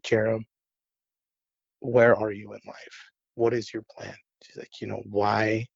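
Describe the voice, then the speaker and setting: A young adult man sharing a personal testimony, retelling events in a lively way with quoted dialogue, on a dull, dry lo-fi recording. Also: on the low side, gravelly, husky, no echo. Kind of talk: personal storytelling.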